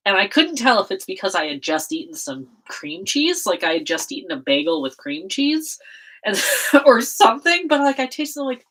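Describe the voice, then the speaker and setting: A woman's voice: mid-range voice, sing-song, normal speed, fairly bright tone, low-quality recording. A woman chatting casually on a livestream while she makes a zine, rambling with frequent laughs and self-corrections.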